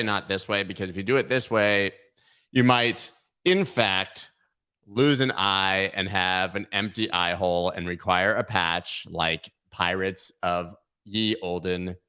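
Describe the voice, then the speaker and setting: A man with a medium-pitched, fairly bright voice hosts a live crypto news stream, chatting casually with viewers on a webcam while sitting at the camera. He's jokey and playful, riffing on silly bits.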